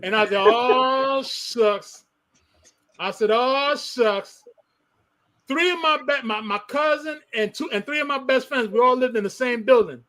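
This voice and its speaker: A man telling a story in casual chat, animated and loud at moments. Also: very high voice, unhurried. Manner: animated, sound effects, loud bursts.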